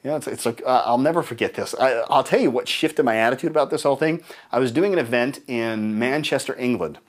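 Sounding like a trainer before a packed room, this man runs a live seminar at a quick, energetic clip in his mid-range voice. His humorous stories feature other people's lines, which he performs in a voice that leaps upward.

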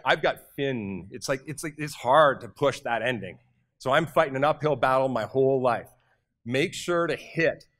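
A man from Canada speaks to a conference audience with energy and directness. His voice sits at a middle pitch, and he often turns to the crowd with quick questions. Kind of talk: motivational conference talk. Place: conference hall.

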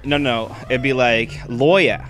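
A man's voice: medium pitch, lively intonation, quick pace, music in the background. A young man from Maine in casual gameplay banter, teasing and laughing often. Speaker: gaming YouTuber and editor.

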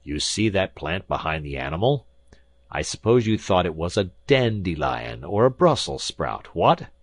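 A man's voice: low voice, big pitch swings, normal speed. A man voicing an arrogant, bombastic older professor who lectures with scorn. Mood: scornful.

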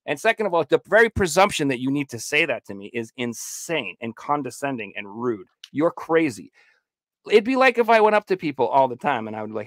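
A man's voice: medium pitch, very animated, brisk, fairly bright tone, dry recording. A man ranting emphatically and with plenty of swearing in a casual podcast chat. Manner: emphatic, profane, heated ranting. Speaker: podcast co-host.

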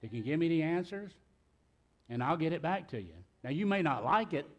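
A man's voice: on the high side, expressive, brisk. A middle-aged man, preaching a sermon in a church in a folksy, talkative way with joking asides. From South Carolina, US. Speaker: pastor. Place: church sanctuary.

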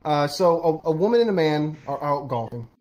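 A man's voice: a little high, expressive, a little fast, darkish tone, lo-fi sound. A man streaming with friends who tells jokes casually, laughs often, swears and restarts his sentences, speaking into a headset mic. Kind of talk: casual joke telling with friends.

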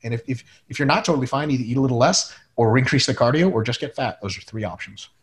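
A man's voice: mid-range voice, fast talker. A man co-hosting a casual webinar, reading out listener questions and answering bluntly with profanity and jokes.

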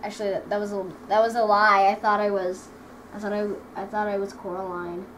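A woman's voice: mid-range voice, little pitch movement, a little fast. A woman hosting a casual home vlog with friends, giggly and rambling as she chats and jokes. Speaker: vlog host. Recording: distant mic with clear background noise.

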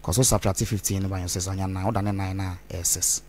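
A man's voice: deep voice, level tone, fast talker, a little mellow, a little hiss or hum. A man, rambling as an interview guest and mixing Twi phrases into his English. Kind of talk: candid interview talk.

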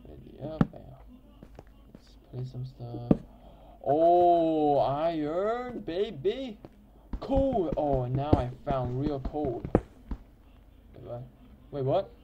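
A man's voice: medium pitch, background noise. A man giving casual, rambling game commentary as host, often correcting himself mid-sentence. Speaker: gameplay host.

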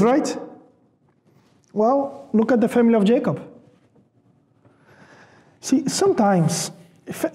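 A man's voice: very high-pitched, mellow. A man preaching a sermon in a conversational way, repeating words for emphasis and asking the congregation rhetorical questions. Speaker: pastor.

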